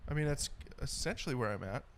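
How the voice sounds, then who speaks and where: A young man co-hosting a casual podcast chat, laid-back and deadpan, often saying "dude". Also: mid-range voice, fast talker, slight background noise. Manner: laid-back, says "dude" a lot, improvises mock ads in a flat voice. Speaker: podcast co-host.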